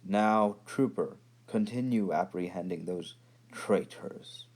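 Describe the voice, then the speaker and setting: A man's voice: deep voice, takes it slowly, a little mellow. A man voicing a cold, commanding female captain in armor, speaking in a clipped, formal way.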